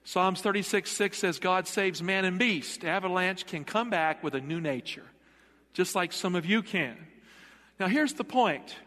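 In a church sanctuary with long hall reverb, a middle-aged male pastor preaches a sermon in a high, bright, forceful voice at a measured pace. He's emphatic and poses rhetorical questions to the congregation.

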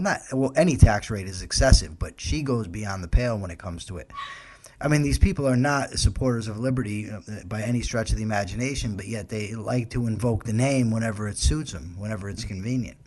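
A man's voice: fairly low pitch, fairly quick, a little mellow. A man calling in as a radio guest, ranting indignantly with repeated questions. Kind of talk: opinion commentary on the radio. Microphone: remote hookup.

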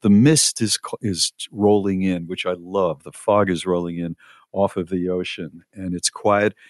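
A man hosting a podcast, telling a story in a casual, animated, mock-indignant way. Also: deep voice, a little slow, no echo, clean studio sound. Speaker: podcast host.

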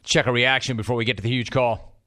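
A man's voice: mid-range voice, flat delivery, quick pace, pushed and bright. A man hosting a talk radio show, chatting wryly and reading listener messages. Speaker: radio sports talk host.

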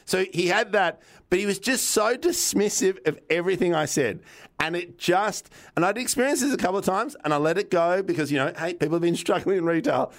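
Australian man, podcast co-host, casual storytelling, swears freely, fairly high voice. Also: fairly quick. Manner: animated, swears freely, acts out both sides of conversations.

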